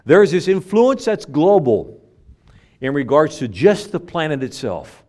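In a slightly high, darkish voice, a very animated male pastor preaches without hurrying. His sermon leans on King James scripture and frequent repetition, climbing toward strongly stressed, emphatic phrases.

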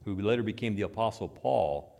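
A pastor preaching a sermon, reading scripture aloud dramatically and dropping into quiet asides, asking the congregation questions. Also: male voice, on the low side, expressive, a little fast, creaky. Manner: dramatic, swings between loud scripture reading and hushed asides.

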